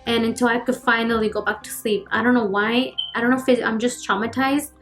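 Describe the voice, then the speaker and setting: A woman's voice: fairly high pitch, fairly even intonation, brisk. A woman in her twenties telling a personal story in a casual vlog, chatty and full of fillers, acting out the scenes. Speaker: YouTuber. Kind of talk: casual storytelling while getting ready. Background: faint background music.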